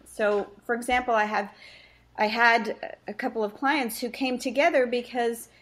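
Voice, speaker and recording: A woman's voice: a little high, fairly even intonation, moderate pace, fairly bright tone. A woman face reading practitioner and coach, explaining relationships earnestly in a podcast interview and telling stories about her clients.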